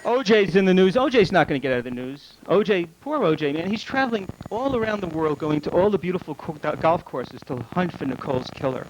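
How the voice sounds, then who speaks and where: A man doing a stand-up comedy set on a club stage, firing off rapid one-liners with deadpan punchlines, recorded live on a noisy old camcorder tape. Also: high-pitched, highs cut off.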